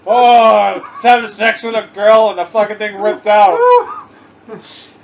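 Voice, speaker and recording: Man, podcast co-host, high voice, swears a lot, laughs mid-story, muffled noisy recording. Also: little pitch movement, unhurried, vocal fry. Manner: profane storyteller, laughs through his stories. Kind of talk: casual chat.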